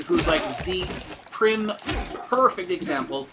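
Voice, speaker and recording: A man's voice: a little slow, over a noisy crowd. A man co-hosting a gaming video, chatting casually and animatedly while playing. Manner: chatty, animated, mimics characters in high voices. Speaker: gaming channel co-host. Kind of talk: casual let's-play chat.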